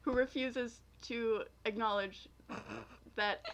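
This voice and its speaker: Podcast co-host, young woman from Ontario, chatty and giggly, with a clear, bright voice. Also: on the high side, steady tone, slow. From Southwestern Ontario, Canada. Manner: chatty, giggly, many fillers. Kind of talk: casual chat.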